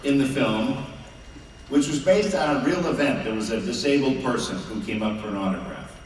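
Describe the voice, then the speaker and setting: A man's voice: medium pitch, normal speed. A man answering fan questions at a convention Q&A panel, teasing the audience in a sardonic way. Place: large indoor convention hall. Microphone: filmed from the audience on a far camera. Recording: echoey hall recorded from far off, crowd noise.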